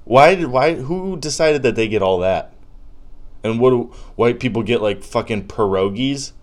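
A man's voice: medium pitch, expressive, normal speed. A young man hosting his own podcast, ranting casually with lots of swearing, rambling jokes and loose asides. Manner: profane, rambling, loose and joking. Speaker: podcast host. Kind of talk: casual comedic rant.

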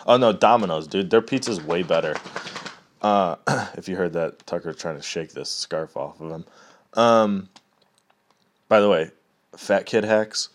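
A man's voice: low voice, measured pace, pauses often. A young man in a casual, rambling rant, swearing often and laughing at his own stories.

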